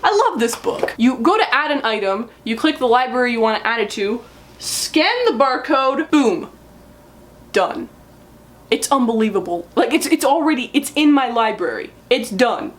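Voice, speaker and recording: A young woman book vlogger talking casually to camera in an excitable, chatty way, in a room full of books. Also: a little high, moderate pace, a little hiss or hum.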